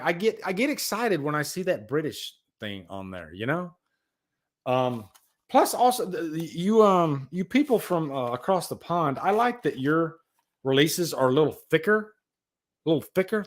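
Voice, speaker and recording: A man hosting a casual live stream, rambling with enthusiasm and talking to viewers in the chat. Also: fairly high pitch. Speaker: livestream host.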